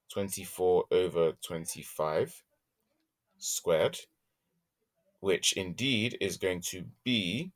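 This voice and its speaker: Slow low-voiced man talking through maths. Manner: thinks aloud while working, hums to himself while drawing. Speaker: maths teacher. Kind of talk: worked-example maths lesson.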